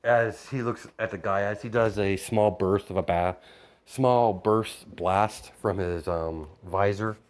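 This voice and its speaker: A low-voiced man retells a fan story off the cuff. He rambles, restarts often and leans on "you know" at every turn. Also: slow.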